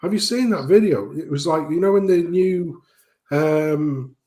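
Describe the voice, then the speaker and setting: A man co-hosting a casual stream chat, ranting and swearing in an animated way. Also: a little high, a little slow. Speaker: stream co-host.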